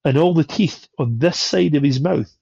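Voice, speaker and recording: A man's voice: on the high side, moderate pace, gravelly, warm tone, husky, dry recording. A man on a podcast, telling a travel anecdote with swearing and laughter. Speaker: podcast guest. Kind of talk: casual storytelling. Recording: dull, lo-fi sound.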